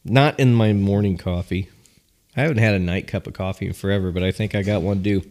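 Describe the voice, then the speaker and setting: A man's voice: low-pitched, fairly even intonation, a little fast, a little mellow. Joking man co-hosting a podcast. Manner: joking, teasing. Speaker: podcast co-host. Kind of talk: casual chat.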